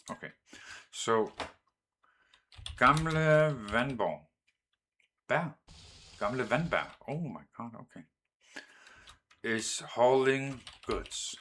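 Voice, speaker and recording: A man with a Danish accent, talking through a game at an unhurried, drawn-out pace. His voice sits a little low, and he chats to his trains and swears when a route goes wrong. Keyboard clicks and typing are heard behind him. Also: a bit bright, slight background noise. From Denmark. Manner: slow and drawn out, thinking aloud while setting up routes. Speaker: gaming streamer. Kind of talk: casual gameplay commentary.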